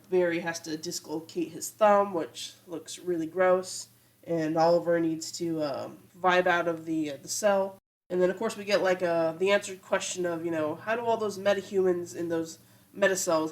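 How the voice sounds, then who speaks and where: A woman with a slightly low voice talks through an episode in a relaxed, chatty way. She fills her sentences with "you know" and "like" and quotes characters in passing. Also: low-quality recording. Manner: frequent "you know" and "like" fillers. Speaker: podcast host. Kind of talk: casual episode recap.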